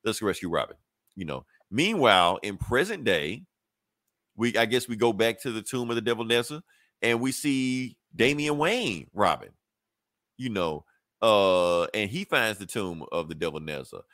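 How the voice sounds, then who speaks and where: A man's voice: on the low side, expressive, moderate pace, fairly bright tone, no room sound, clean studio sound. A man co-hosting a podcast, retelling a comic plot in loose, slangy chat and quoting the characters. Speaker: podcast co-host. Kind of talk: casual comic recap.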